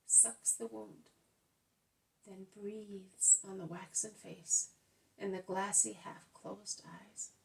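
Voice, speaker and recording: Brief: female audiobook narrator, gravelly, slightly off-mic, calm scripted reading of a sacred story. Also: medium pitch, distant mic, rough recording. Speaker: audiobook reader. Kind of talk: scripted narration of religious text.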